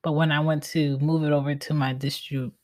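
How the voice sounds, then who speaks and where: A woman's voice: low voice, little pitch movement, a little fast, a little mellow. A woman in her thirties hosting a casual solo podcast from home, talking candidly and bluntly and swearing freely. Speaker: podcast host.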